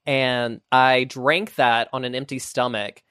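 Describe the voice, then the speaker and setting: A podcast host joking around with his guest reads out questions in a casual, animated chat. His mid-range voice moves at a slow pace, and the dry, clean studio-quality recording has no room sound.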